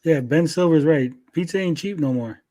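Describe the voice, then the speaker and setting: A man's voice: a little high, normal speed, dark tone. A man hosting a casual stream chat, laid-back and reading chat comments aloud with casual swearing. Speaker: podcast host.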